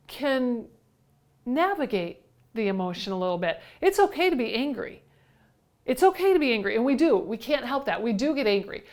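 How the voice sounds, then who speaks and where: A woman giving a conversational coaching talk, repeating key phrases and asking her listeners questions. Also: fairly high pitch. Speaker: leadership coach and podcast host.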